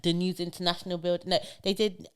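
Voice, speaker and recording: Low-voiced woman co-hosting a chatty podcast. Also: brisk, clear, resonant tone. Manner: animated, mimics posh voices for laughs. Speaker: podcast co-host. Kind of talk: casual chat.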